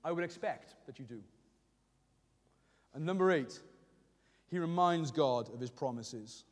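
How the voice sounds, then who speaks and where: A man's voice: fairly high pitch, lively intonation, a little slow, long reverb tail. A middle-aged man preaching a sermon, emotionally acting out prayers and speaking to the congregation. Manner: emotional, voicing prayers aloud with rising intensity. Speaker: pastor.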